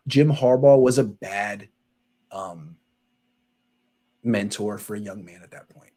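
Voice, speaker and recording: A man hosting a sports podcast, telling stories in casual chat with sudden loud outbursts and muttered asides. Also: mid-range voice. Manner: excitable storyteller, jumps between loud outbursts and muttered asides.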